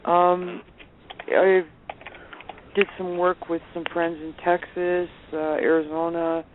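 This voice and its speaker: A woman's voice: fairly low pitch, slow pace, background noise. Laughing woman on a tinny phone line. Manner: laughing, animated anecdotes. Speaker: guest. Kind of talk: casual storytelling on a phone interview. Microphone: telephone.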